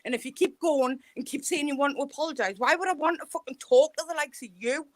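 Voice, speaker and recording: A woman's voice: high-pitched, fast, few pauses, a little hiss or hum. A woman on a live video call, ranting furiously with constant swearing and threats. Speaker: guest on a live chat stream. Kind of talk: heated live chat.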